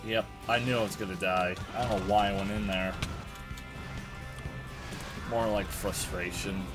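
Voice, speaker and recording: A man's voice: lowish voice, fairly even intonation, unhurried. A young man giving casual commentary on his own gameplay, exasperated, groaning and swearing as his team gets beaten. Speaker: gaming channel host. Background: game music and keyboard typing.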